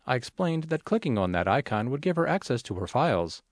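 A man reading a magazine article aloud in a measured, expressive way, as scripted narration. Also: medium pitch, no echo, clean studio sound.

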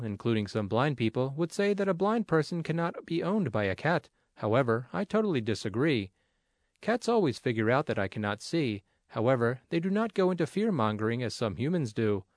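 Man, reading aloud, measured and earnest, gentle humor, dry recording. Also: medium pitch, dry recording. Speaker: reader. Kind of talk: reading a personal essay aloud.

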